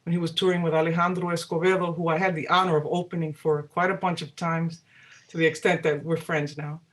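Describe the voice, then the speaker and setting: Musician lady telling stories on an interview, animated, acts out what people said. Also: deep voice, fast talker. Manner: animated, acts out quoted dialogue. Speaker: singer-songwriter guest. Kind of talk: storytelling in a casual interview.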